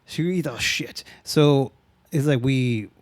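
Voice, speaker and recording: A man's voice: medium pitch, unhurried, no echo. Casting: man co-host, slangy laid-back recap, dry close sound. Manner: slangy, laughs often, says dude. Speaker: podcast co-host. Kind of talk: casual movie recap chat.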